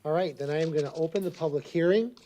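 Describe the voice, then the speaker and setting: A woman chairing a city council meeting, brisk and procedural as she opens the public hearing. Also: low voice, dark tone.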